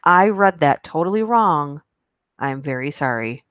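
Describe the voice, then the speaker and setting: A woman's voice: low-pitched, lively intonation, measured pace, a bit bright, clean tone, no room sound. A woman hosting a live stream, reading creepy stories aloud and chatting with asides between them. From United States. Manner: reads aloud with asides, laughs at herself.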